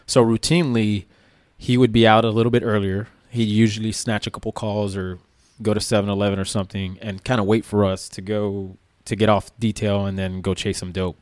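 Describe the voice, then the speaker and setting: Ex-cop guy, low voice, rambly storytelling, dry close mic. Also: a little fast, no room sound. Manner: relaxed, rambling with many fillers. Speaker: former police officer. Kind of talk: casual storytelling.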